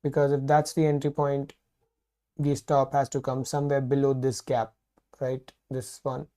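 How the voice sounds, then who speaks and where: A man talks through his trades on a live stream, his voice mellow and dark. He sounds irritated, swears often, and reasons aloud about his choices. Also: medium pitch, level tone, moderate pace. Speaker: livestream trader. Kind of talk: live trading commentary.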